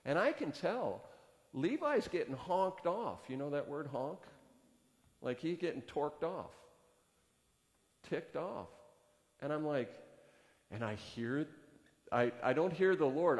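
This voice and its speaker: A man's voice: sing-song, measured pace, long pauses. A male pastor preaching a sermon in a casual, storytelling way, acting out both sides of a conversation. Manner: conversational, acts out dialogue with rising pitch. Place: church sanctuary. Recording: long hall reverb.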